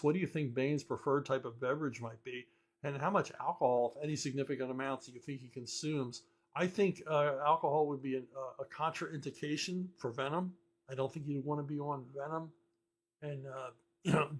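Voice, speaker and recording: Older male host, chatty and rambling, fillers and chuckles, a touch high-pitched. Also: creaky. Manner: rambling, lots of fillers and restarts, chuckles often. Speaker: host answering viewer questions. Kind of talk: casual chat.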